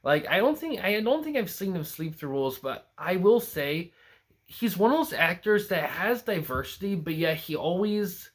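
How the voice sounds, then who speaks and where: A man's voice: sits high, sing-song, moderate pace. A young man hosting a casual film review, talking alone and rambling through many restarts and fillers. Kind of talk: casual solo film commentary.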